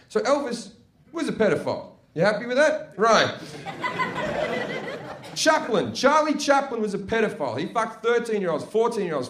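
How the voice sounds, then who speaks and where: Here the Australian man's voice sits fairly high and a bit bright as he does brash, profane stand-up live at a comedy venue. Chatty and full of tag questions, he's captured in a noisy, echoey room.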